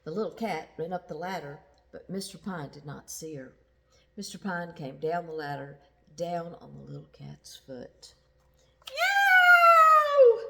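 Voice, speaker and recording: A woman reading a children's picture book aloud, slowly and expressively, with sound effects. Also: low-pitched, gravelly. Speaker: storyteller.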